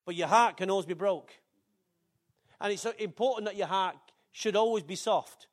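Older pastor, high-pitched and chatty. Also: male voice, normal speed. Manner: conversational, jokey preaching with asides to the congregation. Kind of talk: sermon.

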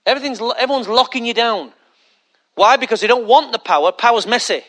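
Male pastor, high and bright, conversational sermon with rhetorical questions. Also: fast talker.

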